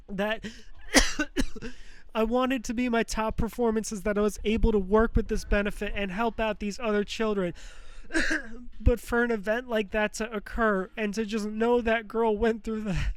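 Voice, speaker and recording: A man's voice: sits high, fairly even intonation, normal speed, clean tone, no echo. A young man hosting a podcast, rambling through an emotional personal monologue with lots of fillers, swearing and nervous laughs, close to tears. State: near tears. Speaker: podcast host. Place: apartment.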